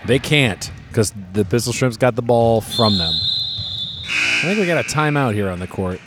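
A man's voice: medium pitch, animated, a little slow, heavy background noise. A man giving comedic play-by-play commentary on a basketball game, jokey and riffing between calls.

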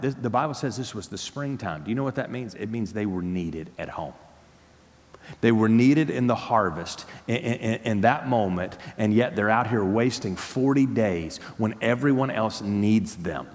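A man preaching a sermon as pastor, emphatic, repeating words and restarting phrases. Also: medium pitch. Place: church sanctuary. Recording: long hall reverb.

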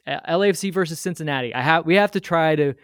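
Podcast guest, male, slightly high voice, rambling animated storyteller, dry close sound. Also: fast talker, smooth, dry recording. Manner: rambling, animated storyteller with many fillers and asides. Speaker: guest sharing a fan memory. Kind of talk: casual storytelling.

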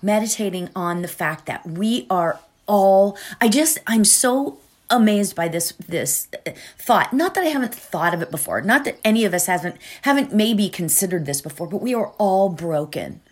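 A woman's voice: medium pitch, animated, moderate pace. A woman giving an earnest, emotional talk before a guided meditation, often asking "right?".

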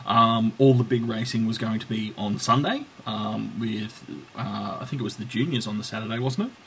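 A man's voice: fairly low pitch, normal speed, slight background noise, rough recording. A man co-hosting a casual podcast, rambling and joking with plenty of swearing. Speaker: podcast co-host. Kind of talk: casual chat.

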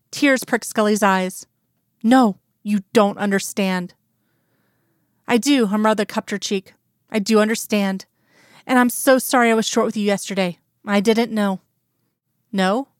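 A woman reading fan fiction aloud in a soft, gentle narration, voicing the dialogue quietly. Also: medium pitch, dry recording, studio quality. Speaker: reader.

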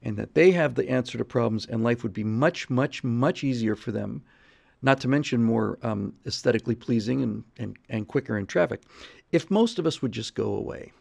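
Gravelly, rambling middle-aged man. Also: medium pitch, normal speed, a little mellow. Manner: rambling, repeats words while thinking. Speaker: livestream host. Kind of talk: casual livestream chat.

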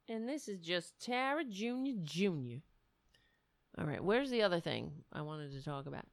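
A woman's voice: mid-range voice, animated, normal speed, no room sound. A middle-aged woman hosting a casual livestream, rambling and self-mocking as she chats to viewers and her cat. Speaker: livestream host.

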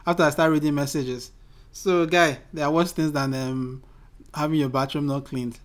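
A man's voice: fairly high pitch, fairly even intonation, normal speed. A man hosting a podcast in casual chat, teasing and joking with his co-host.

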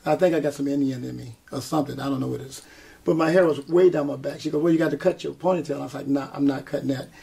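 In an interview, a singer and performer tells his story animatedly, imitating what others told him and breaking into frequent laughter. He races along in a mid-range, creaky voice.

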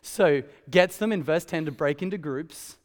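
A man preaching a sermon in a church, telling the story conversationally with lively asides. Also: fairly high pitch, moderate pace, big-room sound. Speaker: pastor. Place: church hall.

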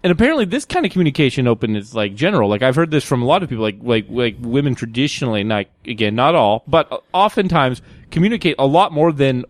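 A young man rambles through a story in casual talk, his pitch leaping up and down as he laughs it off. The sound is dry and close, with no room in it. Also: sing-song, quick pace, hardly any pauses, no echo. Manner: rambling storyteller, many fillers, laughs often. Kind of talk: casual chat.

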